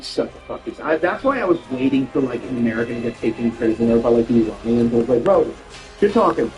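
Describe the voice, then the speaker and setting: A man in casual chat, making quick, sarcastic remarks. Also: mid-range voice, reverberant, music in the background, rough recording.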